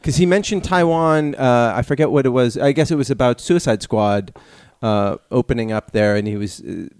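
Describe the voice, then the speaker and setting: An easygoing man hosting a casual comedy podcast who keeps steering the talk. His pitch sits in the middle range. The recording is dry and close. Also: moderate pace, a little mellow, clean tone, dry recording. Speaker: podcast host.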